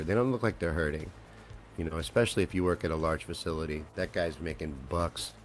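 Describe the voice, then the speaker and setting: Man, low pitched, crude rambling stream host, faint background music. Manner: rambling, crude, swears freely, asks viewers rhetorical questions. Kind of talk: casual comedic commentary on memes and news.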